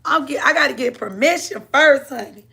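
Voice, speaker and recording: A woman's voice: high-pitched, brisk, vocal fry, pushed and bright. A woman hosting a casual livestream, chatting with viewers, laughing often and calling them honey and baby. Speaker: livestream host.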